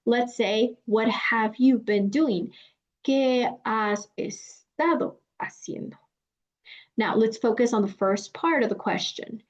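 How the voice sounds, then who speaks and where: Mexican-accented woman teaching in a muffled recording. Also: fairly high pitch. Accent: Mexican Spanish. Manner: clear, deliberate, stretches out example phrases. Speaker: Spanish teacher. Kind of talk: explanatory lesson. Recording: dull lo-fi sound.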